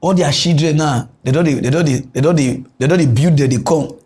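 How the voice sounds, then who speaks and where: Speaking fairly quickly in a Nigerian Pidgin English accent, a man hosts a satirical comedy news show. His ranting is animated, shifting between loud outbursts and low mutters.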